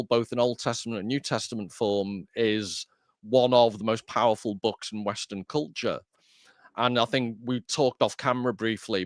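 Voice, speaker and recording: A man's voice: mid-range voice, dry recording, studio quality. A man hosting a casual discussion, chatty and self-deprecating, often rambling. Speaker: host.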